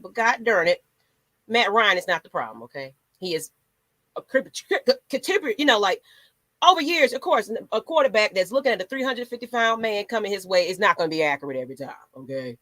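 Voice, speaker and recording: Big pitch swings mark her mid-range, fairly bright voice, which moves at a moderate pace without any room sound. The sports fan channel host gets sassy and dramatic, ranting in mock voices through her animated commentary.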